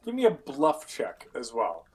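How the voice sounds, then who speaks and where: A man's voice: mid-range voice, huge pitch swings, measured pace, a crowd in the background. A man running a tabletop game as game master, casual and profane, acting out scenes with sound effects.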